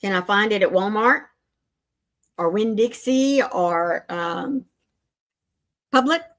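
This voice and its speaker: An older woman hosting a casual crochet livestream, chatting warmly with viewers and greeting them by name. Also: mid-range voice, takes it slowly.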